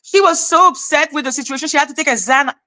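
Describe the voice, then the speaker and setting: A woman hosting a casual live stream, telling a gossip story in an animated, exasperated way and swearing freely. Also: high voice, fast talker.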